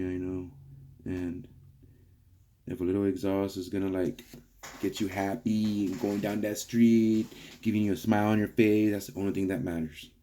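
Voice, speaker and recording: A young car vlogger with a low-pitched, dark voice rambles casually to his viewers in his home garage workshop, calling them guys. A little hiss or hum runs through the recording.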